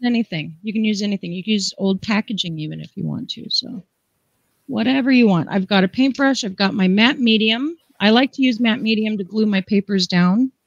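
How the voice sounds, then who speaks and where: A woman's voice: mid-range voice, a little fast, creaky, no room sound, highs cut off. A woman hosting a live craft demonstration, chatty and enthusiastic, explaining each step. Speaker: craft show host.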